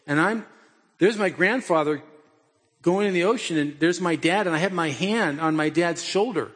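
A middle-aged male pastor with a fairly high, husky voice delivers a sermon in a loose, storytelling manner, pressing his listeners with direct questions. His voice carries a long reverb from a large hall. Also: moderate pace, a bit bright. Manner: conversational storytelling with pointed rhetorical questions.

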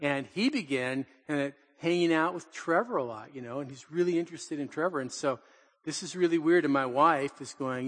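An older man, a pastor, telling family stories in a lively sermon, acting out quotes and laughing often. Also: fairly high pitch, fairly quick, long reverb tail. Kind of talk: storytelling sermon. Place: church in Portland.

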